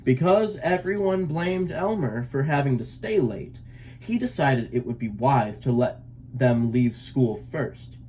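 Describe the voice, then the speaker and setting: A man reading a children's picture book aloud in an unhurried, expressive storytelling manner. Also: mid-range voice, slight background noise, rough recording.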